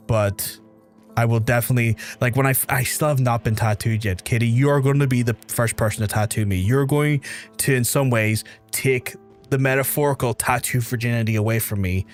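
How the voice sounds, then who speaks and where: Softened Belfast accent, chatty streamer man. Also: medium pitch. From Northern Ireland. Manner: chatty, swears freely, reads out chat. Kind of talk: casual live-stream chat.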